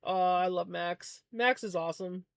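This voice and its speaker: A woman's voice: lowish voice, moderate pace, vocal fry, no echo. A woman chats casually on a live stream as she spins yarn. Her talk is rambling and friendly, and she laughs easily as she goes. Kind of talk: casual chat.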